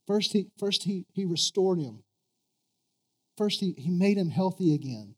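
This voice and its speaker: Earnest preacher man, slightly high voice. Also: lively intonation, normal speed, breathy edge. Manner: earnest, stumbling restarts and repeated words, rising to emphatic peaks; asks the congregation questions. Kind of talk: sermon.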